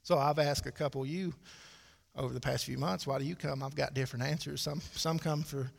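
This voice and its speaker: Male pastor, 30s, gravelly, folksy sermon delivery, church hall reverb. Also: mid-range voice, steady tone, fairly quick. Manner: folksy, conversational preaching with dry asides. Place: church sanctuary.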